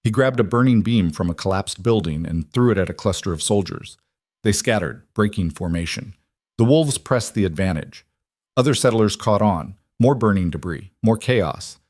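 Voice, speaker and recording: A man narrating a dramatic fantasy story in a steady, scripted storytelling read. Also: fairly low pitch, normal speed, no room sound, clean studio sound.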